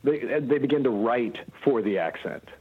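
A man speaking as a voice actor guest, telling stories in a relaxed, casual way. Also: mid-range voice, moderate pace, phone-quality sound, slight background noise. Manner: relaxed storytelling, animated. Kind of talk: casual interview answers.

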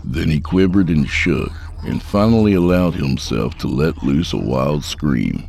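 A man reads a horror tale in a measured, dark manner. His voice is extremely deep and full of gravelly fry. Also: lively intonation. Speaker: horror story narrator. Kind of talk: scripted narration.

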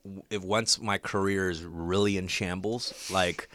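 A man's voice: sits low, steady tone, unhurried, fairly bright tone, no room sound, clean studio sound. A man chatting casually on a podcast, laid-back and joking, often laughing. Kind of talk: casual chat.

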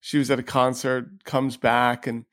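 A man's voice: mid-range voice, little pitch movement, unhurried, fairly bright tone. Man telling rambling comic stories. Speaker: guest comedian. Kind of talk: casual comedic storytelling.

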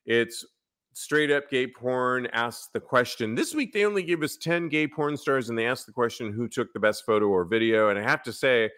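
A man's voice: mid-range voice, normal speed, clean tone. A man hosting a podcast, chatting casually and telling stories with lots of laughter. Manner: animated, laughing, storytelling. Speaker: podcast host. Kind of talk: casual chat.

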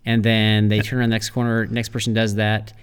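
A man's voice: fairly low pitch, completely flat delivery, fairly quick, smooth. A man co-hosting a casual podcast chat, explaining in a firm, slightly teasing way. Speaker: podcast co-host.

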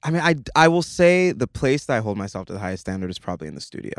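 A man's voice: on the low side, very animated, racing, vocal fry, dry recording, clean studio sound. A man chatting as a podcast guest. He tells stories with energy and acts out the voices of the people he quotes. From United States. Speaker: podcast guest, actor and musician. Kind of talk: casual chat.

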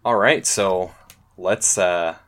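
Deep-voiced laid-back man hosting. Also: slow pace, a bit bright. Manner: laid-back, trails off with fillers. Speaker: podcast host. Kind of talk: casual chat.

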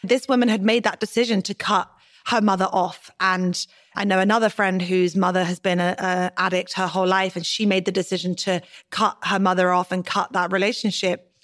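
A woman's voice: medium pitch, level tone, fairly quick, fairly bright tone, no room sound, studio quality. A woman co-hosting a podcast, thoughtful and joking by turns as she shares personal stories. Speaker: podcast co-host. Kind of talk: casual podcast chat.

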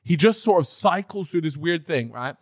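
A man's voice: fairly high pitch, expressive, normal speed. A young man co-hosting a podcast, talking bluntly in casual banter with swearing and laughs. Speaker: podcast co-host. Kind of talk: casual chat.

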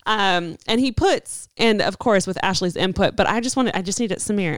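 A woman co-hosting a podcast chats in a playful way and laughs often. She also reads listener letters aloud. Her voice is smooth and clear, and the sound is close and dry. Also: medium pitch, lively intonation, a little fast, no room sound. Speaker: podcast co-host. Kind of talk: casual chat.

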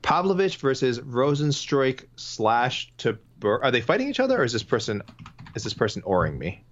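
A chatty man co-hosting a podcast, rambling through listener picks with a lively, swinging delivery. His voice sits at a middling pitch. The audio sounds a little dull and muffled. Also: normal speed. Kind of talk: casual chat.

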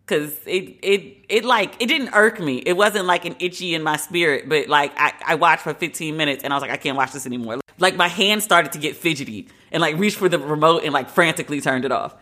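A woman's voice: deep voice, brisk, hardly any pauses, bright, forceful tone. A woman hosting a podcast, giving her frank opinions in a casual, conversational way. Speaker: podcast host.

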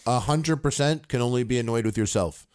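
A man's voice: medium pitch, a little fast, darkish tone, no echo, studio quality. A man co-hosting a podcast, rambling in casual chat with lots of fillers and swearing. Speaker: podcast co-host.

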